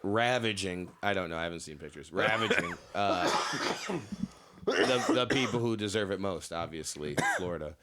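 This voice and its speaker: A man's voice: sits low, moderate pace, very noisy. A young man hosting a casual comedy podcast. He talks in a loose, joking way, swears, and uses lots of fillers. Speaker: podcast host.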